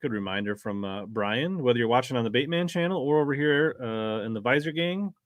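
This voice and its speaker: A man's voice: mid-range voice, expressive, fairly quick, dry recording. A man with a mid-range voice hosts a casual chat, speaking easygoingly and leaning on fillers. His tone stays critical, and the recording is dry and close. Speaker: channel host.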